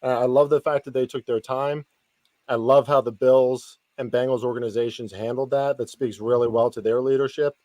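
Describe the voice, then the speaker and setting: A man talking football as a guest analyst on a casual podcast. His speech is halting and full of fillers and restarts. The sound is close and dry with no room. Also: medium pitch, fairly even intonation, warm tone, no room sound.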